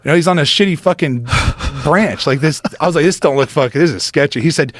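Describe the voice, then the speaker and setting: A man's voice: fairly high pitch, quick pace, no echo. Guy telling a wild hunting story on a podcast, swears constantly, laughs, dead dry mic sound. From United States. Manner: animated, profane, laughing storyteller. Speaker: podcast guest, former football player. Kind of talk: casual storytelling.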